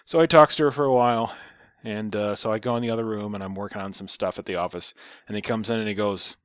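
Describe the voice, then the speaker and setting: A man's voice: on the low side, fairly even intonation, fast, clear, resonant tone, dry recording, clean studio sound. A young man telling a rambling, profane, sarcastic story in casual chat. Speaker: storyteller vlogger.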